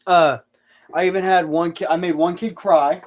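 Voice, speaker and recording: A man's voice: high-pitched, steady tone, moderate pace. A man chatting casually on a live stream, answering viewer questions and telling rambling, sarcastic stories.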